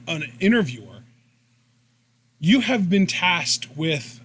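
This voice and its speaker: Higher-voiced male co-host, rambling, faint hiss. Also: a bit bright. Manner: rambling, reflective explaining. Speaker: podcast co-host. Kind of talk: casual podcast chat.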